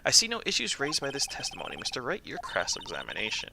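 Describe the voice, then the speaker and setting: A man voicing an old, fussy male judge in a courtroom video game, giving formal, measured rulings. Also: mid-range voice, huge pitch swings, gravelly, background noise.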